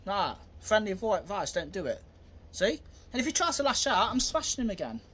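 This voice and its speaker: A man's voice: high-pitched, sing-song, a little fast, fairly bright tone, breathy edge. A man, a self-defence instructor, talking casually through a demonstration in a rambling, repetitive way.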